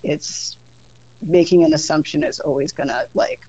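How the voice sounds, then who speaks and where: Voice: mid-range voice, huge pitch swings, normal speed, dark tone, breathy edge, dull audio. A podcast guest talking casually, explaining ideas at length and thinking aloud with fillers along the way.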